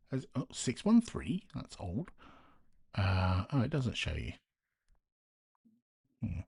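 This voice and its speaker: A man's voice: deep voice, breathy edge, no echo, studio quality. A man hosting a casual live stream from home at night, keeping his voice down and talking to himself as he works. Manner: talks to himself while working, quiet and muttering.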